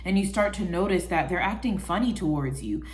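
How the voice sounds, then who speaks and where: Woman vlogger, casual talk to camera, chatty and animated, acts out quotes. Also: on the low side, a little fast. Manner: chatty, animated, quotes people in little voices; calls the listener baby. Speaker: vlogger giving life advice.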